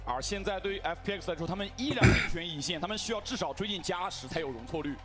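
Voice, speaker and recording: High, fast male esports play-by-play caster. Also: over music. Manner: energetic, emphatic play-by-play. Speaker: esports commentator. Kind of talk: live esports broadcast commentary.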